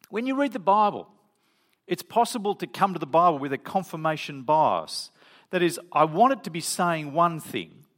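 A man's voice: high-pitched, a bit bright. A middle-aged man, preaching a sermon in a conversational, storytelling way with frequent restarts. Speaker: pastor.

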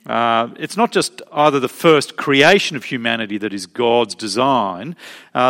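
A man preaching a sermon as pastor, emphatic, slowing down to stress key phrases. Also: mid-range voice, a bit bright. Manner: emphatic, varied pace with slow stressed phrases.

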